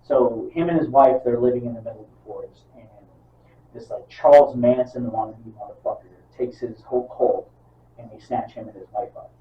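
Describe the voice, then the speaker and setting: This podcast co-host speaks a little fast at a medium pitch, profane and animated in casual conversation as he reenacts scenes from movies he's describing. The distant mic gives a roomy, dull sound.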